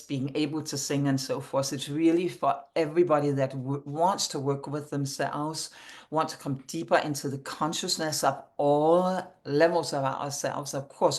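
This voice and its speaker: A middle-aged woman from Denmark with a Danish accent, answering interview questions in an earnest, spiritual way with slightly non-native phrasing. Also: deep voice. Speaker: founder of a voice method, guest.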